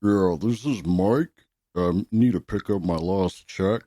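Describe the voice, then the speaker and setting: A man's voice: deep voice, takes it slowly, dark tone, no room sound, studio quality. A man putting on a mocking impression of a coworker he disliked, in casual podcast talk. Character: disliked male coworker, mocked.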